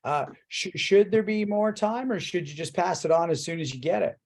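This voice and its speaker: A man hosting a martial arts talk show asks his questions loosely, with false starts and the odd swear word. His voice sits a little higher than most men's. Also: moderate pace, darkish tone. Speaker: podcast host. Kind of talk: casual interview chat.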